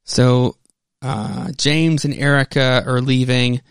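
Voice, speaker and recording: A man's voice: medium pitch, flat delivery, takes it slowly, clean tone, no room sound, studio quality. A man hosting a podcast, loosely retelling a comic's story in a casual, rambling way with frequent fillers and restarts. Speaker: podcast host. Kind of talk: casual comic book recap.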